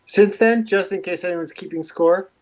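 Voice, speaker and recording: A man's voice: high-pitched, normal speed. A man in casual livestream chat, rambling and self-deprecating as he tells a story. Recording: dull lo-fi stream audio.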